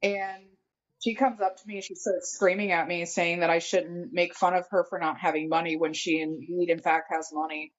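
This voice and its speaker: A woman with a lowish voice tells a long story in casual podcast chat. She is animated and acts out what people said. The sound is dull and lo-fi. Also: moderate pace. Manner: animated, acts out quotes while telling a story. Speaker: guest friend.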